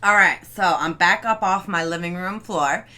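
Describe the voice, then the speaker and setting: A woman's voice: fairly low pitch, moderate pace, bright, forceful tone. A young woman talks viewers through chalkboard lettering from her living room floor. Her manner is chatty and encouraging, full of casual asides as she works. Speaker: art instructor. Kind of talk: casual video lesson.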